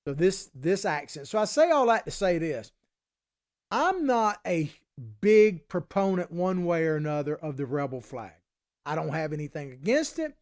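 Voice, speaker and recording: A man's voice: on the high side, sing-song, normal speed, a little mellow. A man from Florida with an old Southern Florida cracker accent, hosting a live political talk show in a folksy, chatty way.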